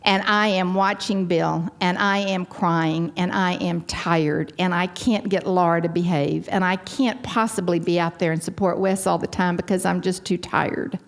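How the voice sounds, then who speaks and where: A Texan woman in her sixties telling her personal story at a convention with wry, self-deprecating humor and sudden lively leaps in pitch. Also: normal speed, hardly any pauses. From Texas. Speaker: convention speaker sharing her recovery story.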